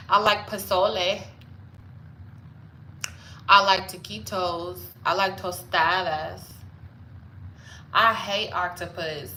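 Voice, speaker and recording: Lady streaming, laid-back slow chatter, echoey room w/ faint hum. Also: on the low side, steady tone, pushed and bright. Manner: chatty, playful, answers viewers' comments. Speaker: live streamer chatting with viewers. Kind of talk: casual live-stream chat.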